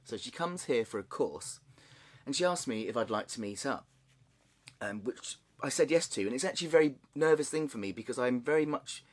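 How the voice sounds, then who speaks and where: A man sharing a personal story in a candid, halting way, with nervous laughs and frequent restarts. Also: medium pitch, expressive. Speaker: vlogger. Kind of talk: personal confessional vlog.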